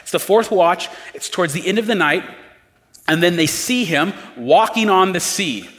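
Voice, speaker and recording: A man preaching a sermon, conversational and animated, acting out quoted lines with changing tones. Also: sits high, moderate pace, in a large hall. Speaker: pastor.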